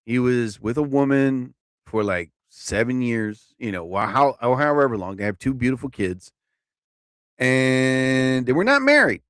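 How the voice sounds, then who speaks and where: Animated man rambling through a comedy stream. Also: medium pitch, a little slow, clean tone, no echo, clean studio sound. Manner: animated, rambling, laughs at his own jokes. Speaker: comedian hosting a live stream.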